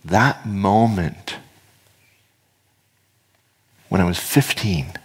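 Husky, lowish man in his fifties, earnest and reflective speaker at a spiritual gathering. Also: slow. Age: 50s. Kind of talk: reflective spoken talk to an audience.

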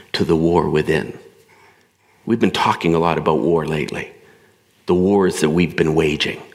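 A man with a very low voice preaches a sermon to his congregation. He talks in an easy, conversational way and acts out the voices he quotes. His voice rings with the long reverb of a large hall. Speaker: pastor.

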